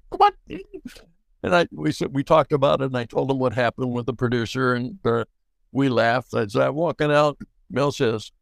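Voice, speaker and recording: Older man spinning animated stories. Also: medium pitch, measured pace, creaky, pauses often, no echo. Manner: animated, acts out dialogue in quotes. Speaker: guest actor. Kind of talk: anecdotal storytelling.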